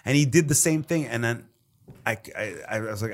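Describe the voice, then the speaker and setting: A man's voice: mid-range voice, expressive, fairly quick. A man, a comedian guest chatting casually in an interview, rambling with many fillers and acted-out quotes. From Canada.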